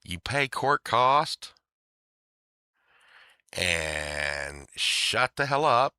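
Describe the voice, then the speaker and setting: A man's voice: lowish voice, sing-song, drawn-out words, sharp tone, clear, resonant tone, dry recording, exaggerated voice. A man quoting a dry, laid-back judge. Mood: wry. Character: laid-back, wry male judge cutting a deal.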